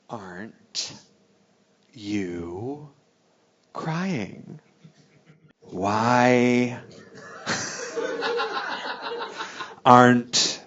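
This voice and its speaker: A man's voice: lowish voice, fairly bright tone, highs cut off. A man doing a stand-up comedy set in a bar, telling a rambling, self-deprecating story. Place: bar with a live audience.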